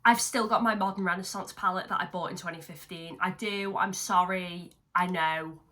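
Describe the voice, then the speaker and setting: A woman's voice: fairly low pitch, fairly even intonation, moderate pace, background noise. A young woman doing a makeup tutorial at home, chatting casually, mocking herself and swearing now and then. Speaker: makeup vlogger. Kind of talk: casual chat. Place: at home, seated.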